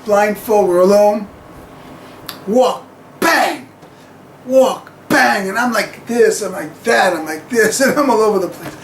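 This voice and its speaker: A man's voice: sits high, measured pace, roomy sound, slight background noise, rough recording. A man telling a personal story to camera in a rambling, chuckling way with plenty of fillers.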